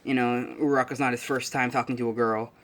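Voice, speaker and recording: A man's voice: mid-range voice, level tone, fast talker, fairly bright tone. Rambling young man recapping a story. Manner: rambling, many fillers and self-corrections. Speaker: fan storyteller. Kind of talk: casual recap of a fan story idea.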